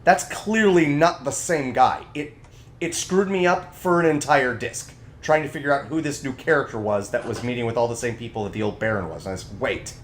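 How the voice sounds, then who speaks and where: A man co-hosting a podcast in casual chat, ranting with animated energy. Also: medium pitch, slight background noise. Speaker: podcast co-host.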